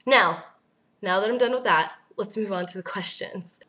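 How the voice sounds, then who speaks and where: A woman's voice: mid-range voice, moderate pace, pushed and bright. A young woman vlogging casually, ranting bluntly and sarcastically, swearing and laughing as she answers viewer questions.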